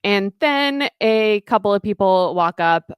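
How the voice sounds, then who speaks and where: A woman's voice: mid-range voice, expressive, unhurried, clean tone, no room sound, clean studio sound. A woman podcast co-host casually recapping a novel chapter, rambling with fillers.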